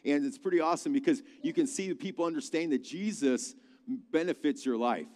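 A man preaching a conversational sermon, telling a Bible story with lively asides. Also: on the high side, brisk. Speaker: pastor. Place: large church hall. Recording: reverberant hall.

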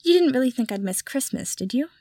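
A woman reading aloud, voicing a gentle, soft-spoken noble mother. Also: sits high, animated, quick pace, recorded from a distance. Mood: fond.

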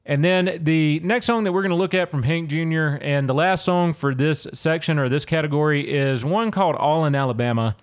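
A man's voice: fairly high pitch, a little fast, hardly any pauses, clean tone. Man casually explaining song lyrics. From Louisiana. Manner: casual, conversational, reads lyrics aloud between explanations. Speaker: podcast host. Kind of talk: solo podcast commentary on song lyrics.

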